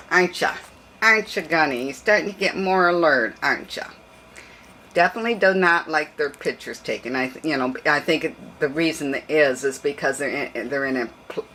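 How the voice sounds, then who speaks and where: An older woman breeder chatting casually and rambling about her puppies, now and then cooing to them in high baby talk. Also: fairly bright tone, slight background noise. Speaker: dog breeder. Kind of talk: casual puppy update vlog.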